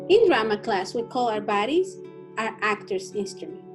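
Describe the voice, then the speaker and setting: A woman with a high voice teaches a children's drama class, cheering the kids on in a playful way. Light music runs quietly behind her. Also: big pitch swings, normal speed. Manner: bright, encouraging and playful.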